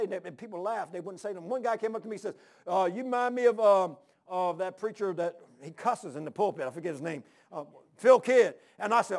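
High, gravelly-voiced preacher man. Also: fast. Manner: folksy storytelling, repetitive. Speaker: pastor. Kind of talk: sermon.

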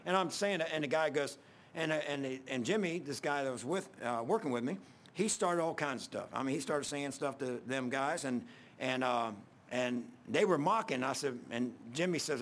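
A man's voice: mid-range voice, moderate pace, a bit bright. A man preaching a sermon, telling a story in a casual, conversational way with many restarts.

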